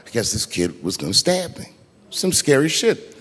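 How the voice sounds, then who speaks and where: A man telling a stand-up story to a live audience, swinging from quiet low asides to loud shouts. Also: very animated, moderate pace. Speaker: stand-up comedian. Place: large concert venue before live audience. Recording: live show in a big hall with crowd noise.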